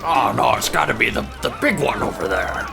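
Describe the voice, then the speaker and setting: A man's voice: medium pitch, big pitch swings, fairly quick, creaky, over music. A man playing a tabletop game, teasing the others and joking in character. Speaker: player.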